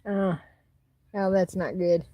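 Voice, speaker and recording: A woman's voice: fairly low pitch, fairly even intonation, slow, mellow, no echo. A woman from Arkansas, chatting bluntly and rambling on a casual livestream, answering her chat.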